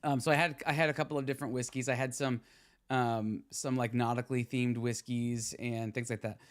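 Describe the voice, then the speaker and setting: A man hosting a podcast, talking in a loose, rambling way with lots of ums and restarts. His voice sits at an ordinary middle pitch, relaxed and conversational. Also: brisk. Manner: rambling, many fillers and restarts. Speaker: podcast host. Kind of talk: casual chat.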